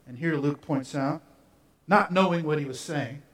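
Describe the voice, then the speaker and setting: A man preaching a sermon, first reading scripture and then telling stories in a measured way. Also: a little high, fairly even intonation, far from the mic. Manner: measured reading that shifts into storytelling. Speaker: pastor. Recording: roomy sound, from away from the mic.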